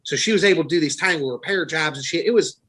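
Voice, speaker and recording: A man's voice: on the high side, rapid-fire, a bit bright, husky, low-quality recording. A man from Florida, a podcast host telling rambling, profane stories in casual chat. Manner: rambling, profane, laughing storyteller.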